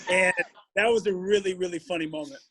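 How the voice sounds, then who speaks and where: A former pro basketball player telling a story on a sports talk podcast, acting out what teammates said. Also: male voice, high voice, brisk. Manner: animated anecdote-telling with quoted dialogue.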